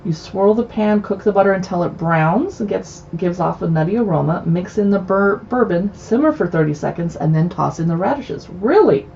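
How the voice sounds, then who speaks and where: A woman from the US West Coast hosts a casual cookbook livestream from her city home, reading recipe titles aloud and adding chatty asides as she browses books. Her voice is fairly low, gravelly and darkish, delivered animatedly at a moderate pace with few pauses. The audio has the highs cut off and slight background noise.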